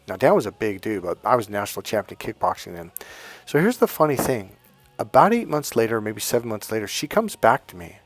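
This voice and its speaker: Animated man telling a personal story. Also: fairly quick. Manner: animated, swings from loud bursts to low quiet asides, swears freely. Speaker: dating coach.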